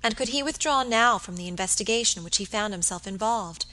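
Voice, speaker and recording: A woman narrating a classic novel as an audiobook in a measured, expressive reading. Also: medium pitch, rough recording.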